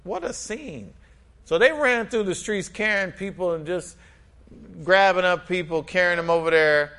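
Bright-voiced, animated male preacher. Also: sits high, normal speed. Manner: lively and conversational, acting out quotes. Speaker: pastor. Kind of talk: sermon.

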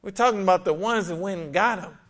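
A male preacher with a bright, ringing voice sitting a little high for a man. He preaches in a lively, conversational way, acting out scenes and quotes for his church. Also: fast talker. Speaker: pastor. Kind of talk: sermon.

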